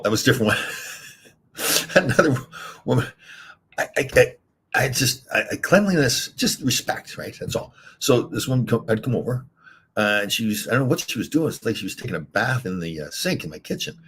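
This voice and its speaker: An older man hosting a casual livestream, rambling candidly through stories and viewer comments, chuckling as he goes. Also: a bit bright. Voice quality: very husky low voice. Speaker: livestream host reading chat.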